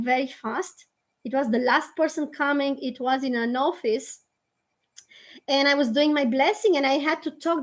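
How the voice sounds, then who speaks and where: A woman whose first language is Romanian, a spiritual teacher guiding a group prayer on a livestream, chatty and gentle, laughing often. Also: high-pitched.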